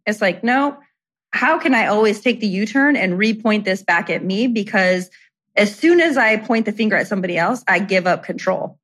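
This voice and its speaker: A woman's voice: mid-range voice, normal speed, a bit bright. A middle-aged woman guest telling personal stories in casual conversation, chatty and full of "like" and "you know".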